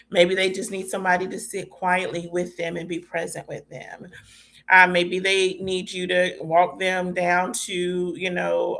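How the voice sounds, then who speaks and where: A woman's voice: lowish voice, a bit bright. A middle-aged woman hosting an informal talk about mental health, talking to listeners directly with plenty of fillers. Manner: informal, addresses listeners as y'all, many fillers. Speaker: host.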